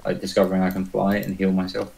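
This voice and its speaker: Gravelly low-voiced hesitant player. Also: male voice, completely flat delivery, fast talker, a little mellow, a little hiss or hum. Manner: hesitant, many ums, easygoing. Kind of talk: casual chat at a tabletop game.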